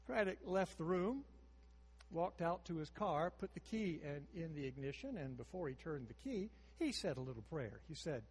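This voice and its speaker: A man in his sixties preaching a sermon, moving between hushed storytelling and emphatic rises. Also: a little high, big pitch swings, moderate pace, breathy edge, long reverb tail.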